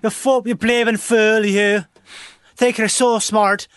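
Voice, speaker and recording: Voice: mid-range voice, flat delivery, slow pace, fairly bright tone, smooth, no room sound, studio quality. A comedian voicing a furious, pious old Irish woman who calls in to scold and curse, in an improvised comedy bit. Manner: scolding, ranting, cursing.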